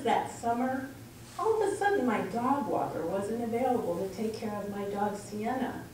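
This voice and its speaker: A woman minister giving a reflective talk to a congregation, telling stories in an earnest way. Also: on the high side. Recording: echoey room from far off, faint noise.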